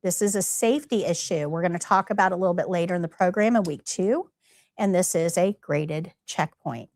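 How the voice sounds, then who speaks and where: A woman's voice: mid-range voice, dry recording, clean studio sound. A middle-aged woman teaching a live nursing class, emphatic, repeating key points and quizzing her students. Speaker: nursing instructor.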